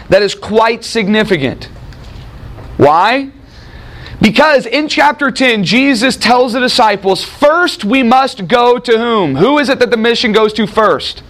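A man's voice: high-pitched, fairly bright tone. A man teaching a Bible class, asking his students questions and answering them himself.

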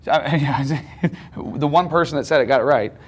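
A man's voice: mid-range voice, normal speed, slightly rough. A man teaching a class, lecturing in a conversational way and often checking in with questions.

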